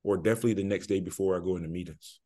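A man's voice: sits low, fairly even intonation, rapid-fire, dark tone. A young man, a college football player, answering interview questions casually, with many fillers and restarts. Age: young adult.

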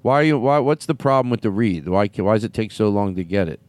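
A man's voice: fairly low pitch, animated, fast, a little mellow. A man hosting a comedy show who teases his guests and keeps interrupting them. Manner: playful, teasing, interrupting. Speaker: host. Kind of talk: comedic podcast banter.

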